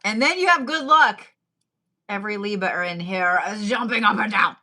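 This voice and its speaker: Brief: woman, tarot reader, loose and profane, bright tone. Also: medium pitch, normal speed. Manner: chatty, profane, laughing asides. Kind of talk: casual tarot reading.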